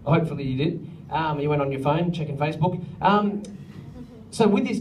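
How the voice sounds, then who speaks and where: A man's voice: a little high, brisk, darkish tone, slight background noise. A man leading a songwriting workshop, joking with the group and singing lines to show the melody. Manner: joking, often sings lines to demonstrate. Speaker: music director teaching songwriting. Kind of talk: workshop teaching with sung examples. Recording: far from the mic with faint ambience.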